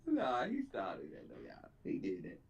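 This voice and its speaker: A man hosting a reaction video, heckling and ranting in a profane, animated way. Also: low-pitched, measured pace, vocal fry, highs cut off. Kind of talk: loud comedic reaction rant. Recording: distant mic with faint background noise.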